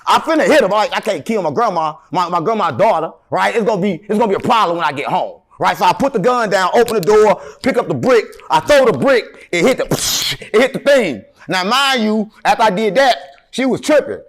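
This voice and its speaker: High-voiced man telling rambling stories. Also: a little fast. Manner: animated, rambling, deadpan joking. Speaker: interview guest. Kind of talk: rambling storytelling in casual interview.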